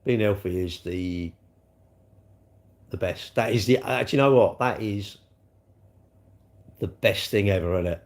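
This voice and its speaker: A man's voice: on the low side, unhurried, pauses often. A man chatting casually on a live stream, answering his viewers in a rambling, sarcastic way with lots of tag questions.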